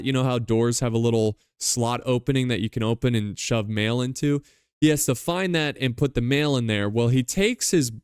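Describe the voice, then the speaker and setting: A man recaps a novel for his podcast listeners, and the talk wanders with plenty of fillers. His voice is smooth and clear at a mid pitch. The recording is dry and close-miked. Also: dry recording. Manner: loose, rambling retelling with many fillers. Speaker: book club podcast host. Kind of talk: casual book recap.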